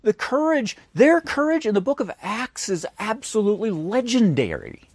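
A man's voice: sits high, very animated, normal speed, no echo. A man preaching a sermon who acts out the voices of the people in his stories. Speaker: pastor.

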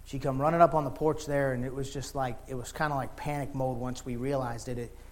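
A middle-aged man preaching a sermon in folksy, informal words, moving from quiet talk to impassioned shouting. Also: mid-range voice, fairly even intonation, brisk.

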